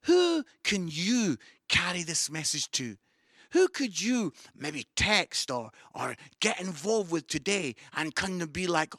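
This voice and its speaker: Man, enthusiastic sermon, bright tense tone, dry recording. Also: sits high, slow, dry recording. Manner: animated, enthusiastic preaching with loud exclamations. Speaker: pastor. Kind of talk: online sermon.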